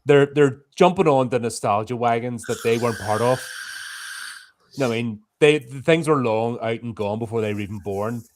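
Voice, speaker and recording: A man's voice: medium pitch, moderate pace, darkish tone. A man co-hosting a horror podcast, giving blunt, opinionated takes in casual chat. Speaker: podcast co-host.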